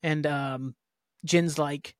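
A man's voice: on the high side, steady tone, very slow, dry recording, clean studio sound. A man hosting a podcast, giving a loose, rambling recap with lots of fillers and the odd curse word. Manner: loose, filler-heavy, with occasional cursing. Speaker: podcast host. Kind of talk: casual rambling episode recap.

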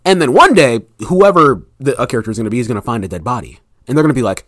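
Young man, author guest, casual podcast chat, animated storytelling, middle pitch, dry close sound. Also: rapid-fire, no echo. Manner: animated storytelling, acting out scenes.

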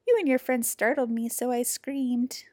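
A woman voicing a tiny, gentle night creature in a small, soft voice. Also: high-pitched, normal speed, no echo, studio quality.

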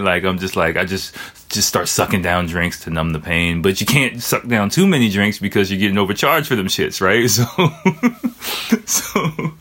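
A young man talks in a loose, rambling monologue with a fairly low voice. He swears freely and leans on filler words as he circles his point. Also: fairly bright tone. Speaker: vlogger. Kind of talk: casual storytelling monologue.

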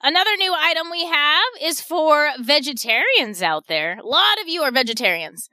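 A woman hosts a radio shopping segment in a chatty, upbeat patter, repeating each deal and price. Her voice sits high and sounds bright and forward. The recording is dry and close, with no room sound around her. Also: big pitch swings, moderate pace, dry recording. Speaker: radio shopping show host. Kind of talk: radio sales pitch.

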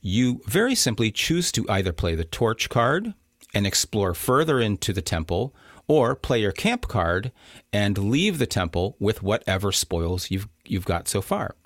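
A man's voice: lowish voice, sing-song, measured pace, dry recording, studio quality. A man co-hosting a podcast, explaining a board game in casual chat and chuckling at his own slips. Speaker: podcast co-host.

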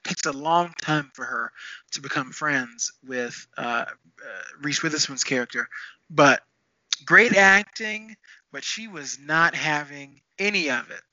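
A man with a strikingly bright, sharp voice talks through a TV show in an easy, animated podcast chat, laughing often. The sound is dry and close but a bit dull and lo-fi, and his voice sits slightly high. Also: measured pace, no room sound. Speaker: podcast co-host. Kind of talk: casual TV review chat.

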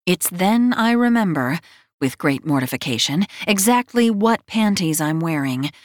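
A woman's voice: lowish voice, lively intonation, measured pace, no echo. A woman narrating a first-person romance audiobook in a wry, self-mocking storytelling manner, close to the mic.

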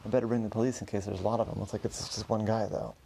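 A friendly male sidekick chats through a storybook scene, voiced by a man in a low, husky register. The voice stays dark and gravelly with an everyday delivery. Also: flat delivery, rapid-fire.

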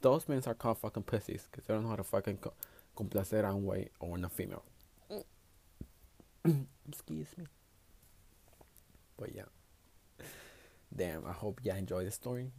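A man's voice: lowish voice, moderate pace, gravelly, long pauses, mellow, husky. Blunt, foul-mouthed man. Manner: blunt, profane, switching between English and Spanish. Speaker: podcast host. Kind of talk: casual solo podcast monologue.

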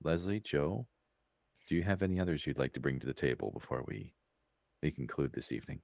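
A man's voice: a bass voice, animated, fairly quick, gravelly, dry recording, studio quality. A man hosting a casual movie chat, steering the conversation between co-hosts. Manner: moderating, quietly steering the talk. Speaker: podcast host.

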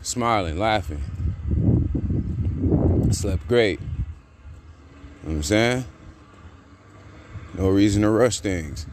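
A man hosting a casual podcast, talking in slang, repeating catchphrases and getting loud and excited. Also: mid-range voice, takes it slowly, pauses often, a little hiss or hum. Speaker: podcast host. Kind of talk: casual hyped-up podcast monologue.

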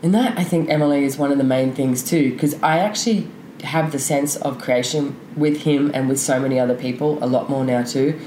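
Low-voiced woman speaking frankly in an echoey room. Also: a little fast, mellow. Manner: open, frank, rambling with many fillers. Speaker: podcast guest. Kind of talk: candid conversational interview. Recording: echoey room with faint noise.

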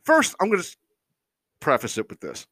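A man's voice: on the high side, wildly swooping pitch, sharp tone, no room sound. A man hosting a podcast, ranting casually in a profane, exasperated way with lots of rambling asides and chuckles. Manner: profane, exasperated, mocks people in quick impressions; rambling, unscripted, frequent fillers and chuckles. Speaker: podcast host. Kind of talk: casual comedic rant.

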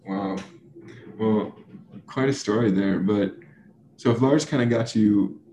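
Low gravelly young host in an echoey room. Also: male voice, takes it slowly, warm tone. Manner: laughs easily, loose rambling questions. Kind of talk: casual interview. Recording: roomy echo, faint background hum.

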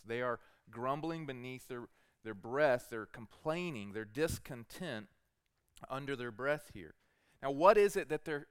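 Male teaching pastor, earnest sermon delivery, smooth tone, dry close sound. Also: medium pitch, a bit bright, dry recording. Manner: earnest, repeats rhetorical questions to the congregation.

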